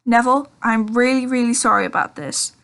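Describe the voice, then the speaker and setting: A woman's voice: on the high side, brisk, creaky, a bit bright. A woman reading aloud, voicing an earnest young schoolgirl witch who sounds miserable and apologetic.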